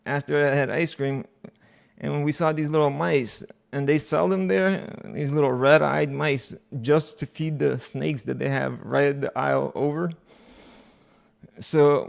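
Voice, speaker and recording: A man's voice: a little high, gravelly. A man hosting a casual livestream, chatting to viewers in a rambling way and laughing often. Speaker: livestream host.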